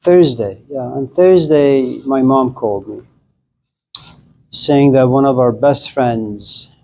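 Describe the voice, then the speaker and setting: A man's voice: medium pitch, slow pace, slight background noise, rough recording. Conversational middle-aged male lecturer. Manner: conversational, animated, acts out quoted voices. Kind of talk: philosophy lecture with anecdotes.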